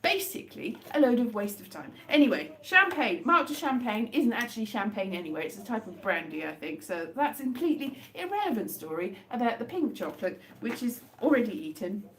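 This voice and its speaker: A woman chatting casually on a live stream as she eats chocolates, rambling with wry, deadpan jokes. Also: fairly high pitch, a little fast, few pauses. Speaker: livestream host. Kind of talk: casual live chat while eating chocolates.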